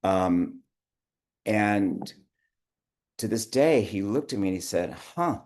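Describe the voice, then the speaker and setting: A man's voice: lowish voice, slow, darkish tone. A middle-aged man telling long, rambling anecdotes in an interview, acting out the dialogue and breaking off to laugh. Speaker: guest, theater producer. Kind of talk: conversational interview storytelling.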